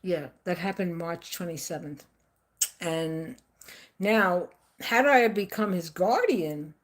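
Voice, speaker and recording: Talking slowly in a lowish voice, an older woman delivers a casual, unscripted live-stream monologue. She is emphatic and meandering, circling back to say the same things again.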